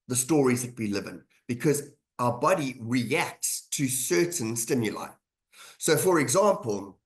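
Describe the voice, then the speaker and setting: Man giving a conversational leadership webinar. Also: medium pitch. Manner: conversational, repeats key phrases for emphasis. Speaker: webinar presenter. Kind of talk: online leadership lecture. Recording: webinar audio.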